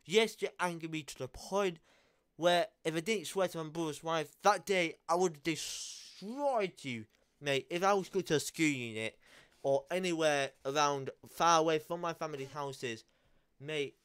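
A man's voice: on the high side, measured pace, fairly bright tone, clear, resonant tone. A young man, talking straight to camera in a heated, blunt rant full of swearing and repeated phrases. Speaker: vlogger. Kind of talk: angry confessional rant to camera.

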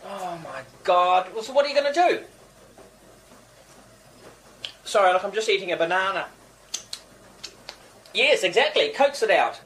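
A flustered Kiwi band manager. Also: male voice, high voice, expressive, normal speed, fairly bright tone, a little hiss or hum, low-quality recording. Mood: distracted. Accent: New Zealand. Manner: rambling, apologetic, easily flustered. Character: flustered male manager fielding phone calls. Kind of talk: radio sitcom acting.

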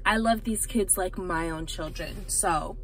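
A young woman vlogging casually from a parked car, chatty and gushing with excitement. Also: fairly low pitch, unhurried, a little hiss or hum, low-quality recording. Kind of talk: casual vlog talk to camera.

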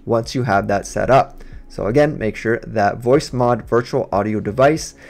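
A man who streams games, casually talking a viewer through software settings step by step on a USB desk microphone. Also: medium pitch, moderate pace, vocal fry, soft background music. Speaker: gaming streamer. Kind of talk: software setup tutorial.

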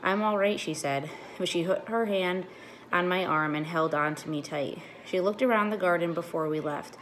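A woman teacher reading a children's chapter book aloud to her class, clear and expressive. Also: fairly low pitch, normal speed, a little hiss or hum.

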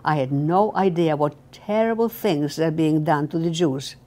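A woman's voice: low-pitched, normal speed, lightly acted. An elderly woman reading as an earnest young guard. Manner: soft, pleading, apologetic. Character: earnest young male guard, anxious, gentle.

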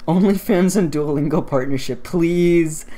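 A man's voice: on the high side, a little slow, warm tone. Joking American guy streaming a game. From United States. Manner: laughs often, swears freely, rambling and joking with chat. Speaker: gaming streamer. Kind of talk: casual live-stream chat while playing.

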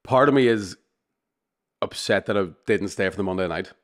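A man's voice: on the low side, normal speed. A man telling sweary, laughing stories as a podcast co-host in casual chat.

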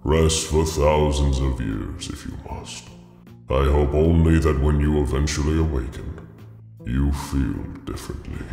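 A man voicing a calm, all-powerful male god who speaks softly and with fatherly tenderness. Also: a bass voice, reverberant, in a large hall, faint music behind, voice pushed down. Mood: gentle. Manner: soft, slow, fatherly.

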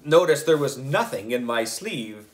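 Guy reading a kids book out loud, slow and expressive, lots of ups and downs. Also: mid-range voice. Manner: expressive, deliberate storytelling. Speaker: book club reader. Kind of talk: storybook narration read aloud.

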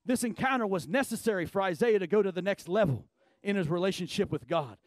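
A middle-aged male pastor preaching a sermon, emphatic, swinging from low and quiet to loud and shouting. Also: animated, quick pace, dry recording.

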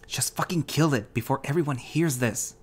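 A man's voice: medium pitch, moderate pace, a little mellow, slightly rough, pitched above the performer's own voice, close to an everyday voice. A man voicing a snarling brute black wolf. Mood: angry. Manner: snarling, impatient. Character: hostile brutish male black wolf.

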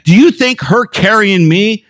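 A gentle, fatherly male God speaks in a calm, coaxing way, as an older male preacher puts him on. The voice stays high and moves about a lot, as in a lively sermon. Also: a little slow. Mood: earnest.

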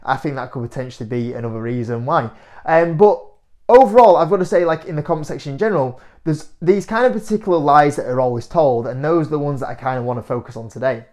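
This young investing YouTuber speaks fast, his voice sitting on the high side, as he talks casually to the camera. Comments draw animated, incredulous reactions and plenty of laughs.

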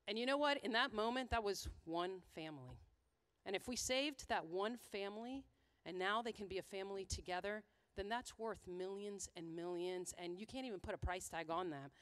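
A woman's voice: mid-range voice, normal speed, fairly bright tone, smooth. American woman giving a talk at a conference, earnest, tells a touching story and quotes people. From USA. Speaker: conference speaker.

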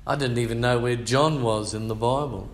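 A man's voice: mid-range voice, normal speed, echoey room, slight background noise. An older man with an Australian accent, preaching a sermon as a pastor and telling his testimony in a colloquial, slangy, emphatic way. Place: church.

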